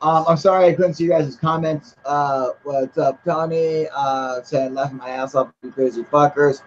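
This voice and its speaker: A man's voice: fairly high pitch, steady tone, moderate pace, slight background noise. A man hosting a livestream in casual chat, reading viewer comments aloud, loose and profane, laughing often. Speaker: livestream host. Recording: muffled lo-fi stream audio.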